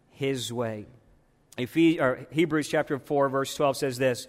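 A man preaching a sermon as pastor of his church, impassioned, swinging between hushed and loud. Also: mid-range voice, takes it slowly. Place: church sanctuary. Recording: long reverb in a large church hall.

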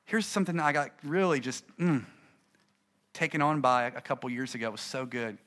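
A middle-aged man, a pastor, gives an animated, conversational talk to fellow preachers and acts out his stories. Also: medium pitch, fairly quick.

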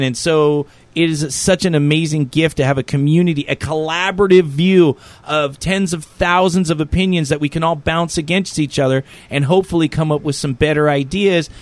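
A man's voice: on the high side, no room sound. A man co-hosting a podcast, talking casually with frequent swearing and laughter. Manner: profane, animated, laughs often. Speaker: podcast co-host. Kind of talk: casual banter.

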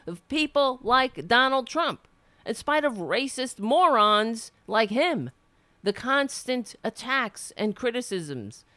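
A woman's voice: a little high, very animated, slow pace, fairly bright tone, dry recording. A woman from New York with a New York accent, hosting a political talk radio show, blunt and indignant, swearing freely and restarting her sentences.

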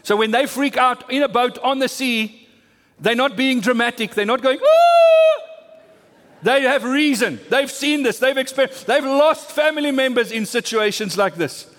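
A male pastor delivers a sermon in a high, light voice. He drives his points home through emphatic repetition and rising bursts of intensity. His words carry a long, lingering reverb. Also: normal speed, a bit bright.

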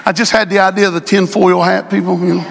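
A middle-aged male pastor preaching to his congregation, drawing out phrases for emphasis and rising to shouts. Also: high-pitched, flat delivery, fast, creaky, heavy background noise. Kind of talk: sermon. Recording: long hall reverb.

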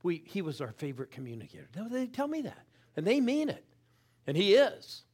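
A middle-aged man preaching a sermon, swinging from loud calls to quiet, intense asides and pushing the crowd to answer back. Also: high voice, huge pitch swings, fairly quick, breathy edge. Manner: urges the crowd to respond. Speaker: guest preacher.

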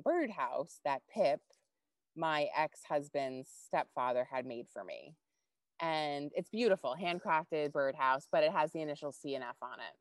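Low-voiced woman telling a candid story. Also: dry recording. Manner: animated, candid, swears freely. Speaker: podcast co-host. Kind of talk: casual chat, personal storytelling.

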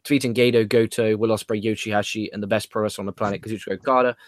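A man hosts a casual wrestling chat podcast, swearing freely and laughing at his own jokes. His voice is fairly low with a steady tone, and he talks rapid-fire. The recording is dry, clean studio sound.

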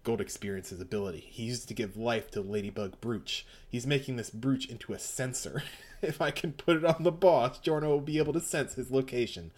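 A man's voice: medium pitch, a little fast, darkish tone. A man in a casual comedic read-along who jokes, laughs often and narrates the on-screen action.

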